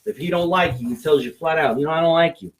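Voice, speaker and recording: Joking New comedy host. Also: male voice, fairly high pitch, fast. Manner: joking, plugging sponsors. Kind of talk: casual comedy talk show. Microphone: phone.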